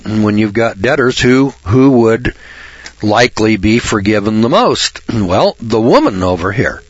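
A man hosting a radio talk show, speaking bluntly in a folksy way and often clearing his throat. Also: lowish voice, expressive, a little slow, dry recording, highs cut off.

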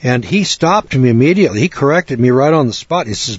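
A man's voice: medium pitch, lively intonation, a little fast, hardly any pauses, husky, dry recording, highs cut off. An older man from the western United States talking in a folksy, rambling way about names and scripture, often spelling words out letter by letter. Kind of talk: casual religious talk, answering a question.

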